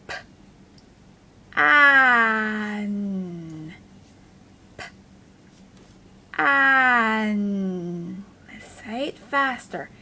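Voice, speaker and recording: A woman's voice: a little high, bright, forceful tone. A woman teaching young children phonics in a sing-song way, sounding out letters one at a time and encouraging them. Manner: talks to a puppet helper.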